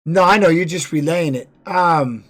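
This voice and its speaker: A man's voice: a little high, normal speed, fairly bright tone. A man giving casual live-stream commentary on fight videos, blunt and profane, repeating words for emphasis.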